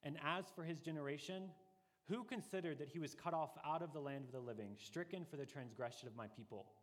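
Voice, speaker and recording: A man preaching a sermon as pastor, earnest and deliberate, pressing his points with rising emphasis. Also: on the high side, long reverb tail.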